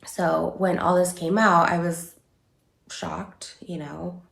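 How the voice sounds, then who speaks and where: A woman giving an emotional personal statement to camera, halting with many fillers and restarts. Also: fairly low pitch, little pitch movement, creaky, a bit bright, echoey room. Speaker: online creator giving a statement.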